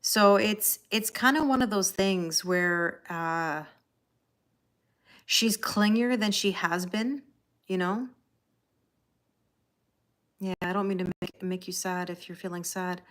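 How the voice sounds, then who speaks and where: A woman's voice: mid-range voice, takes it slowly, pauses often. A woman from Canada with a Canadian accent, hosting a live tarot stream in casual chat, reading out viewer comments and talking straight to her viewers in a chatty, reassuring way. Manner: chatty and reassuring, talks straight to viewers with frequent "you know?". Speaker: tarot reader hosting a livestream.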